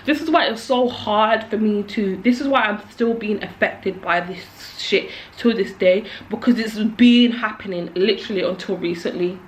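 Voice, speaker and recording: A woman's voice: medium pitch, normal speed, few pauses, slight background noise. Emotional young woman. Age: 20s. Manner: emotional, candid, repeats herself. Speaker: vlogger. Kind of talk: personal storytelling to camera. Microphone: own camera.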